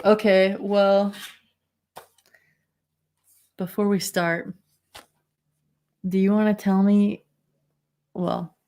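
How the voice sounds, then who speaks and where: A woman's voice: medium pitch, flat delivery, extremely slow, pauses often, a little mellow. A woman hosting a casual livestream chat over a video call, rambling with fillers and giggles. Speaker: host.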